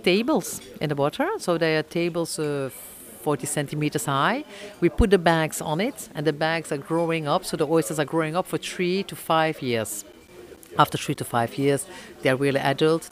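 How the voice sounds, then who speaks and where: A middle-aged woman with a French accent, speaking English as a second language, answering interview questions about running an oyster farm, pausing often with fillers and restarts. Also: sits low. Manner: halting, many fillers and restarts.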